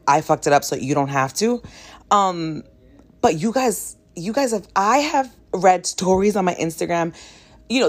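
A woman hosting a podcast, telling a candid, self-mocking story in a casual monologue. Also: fairly low pitch. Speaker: podcast host.

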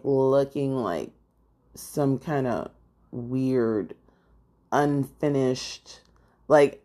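A young woman podcast host telling a casual story in an animated, exasperated way, full of fillers. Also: extremely low pitch.

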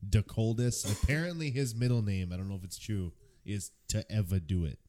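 A man's voice: fairly low pitch, a little fast, mellow. A man co-hosting a casual podcast chat, dropping dry sarcastic asides.

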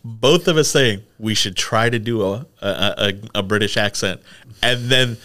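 A man's voice: on the low side, moderate pace, pushed and bright. A man co-hosting a casual tech podcast, chatty and rambling with lots of fillers. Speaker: podcast co-host. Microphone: studio microphone.

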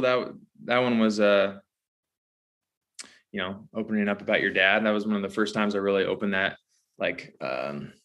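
A man's voice: lowish voice, creaky, a bit bright. A man from Southern California, a songwriter guest, talking easygoing with many fillers. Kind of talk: casual interview chat.

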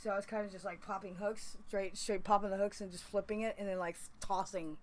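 A woman guest telling her own story in a casual interview, animated, laughing often and swearing as she acts out what people said. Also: medium pitch, a little fast, slight background noise. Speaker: guest, former anchor-out resident.

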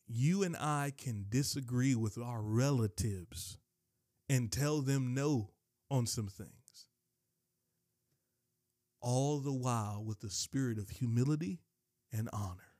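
A man preaching a sermon, emphatic and repetitive, his voice leaping from low stresses to high shouts. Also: unhurried, no echo, clean studio sound.

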